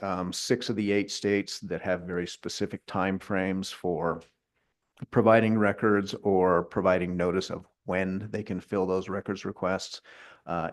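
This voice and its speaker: Man, very deep voice, formal testimony, measured and deliberate, hearing room. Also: gravelly. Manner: measured and deliberate, stresses key words. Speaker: agency official presenting an analysis to a legislative committee. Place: legislative committee hearing room.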